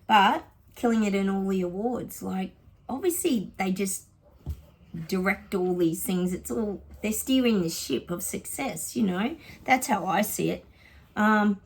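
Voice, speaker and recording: Husky, chatty Australian woman psychic. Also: medium pitch, measured pace. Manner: chatty and rambling, addresses viewers as guys. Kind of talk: casual vlog chat during a psychic reading.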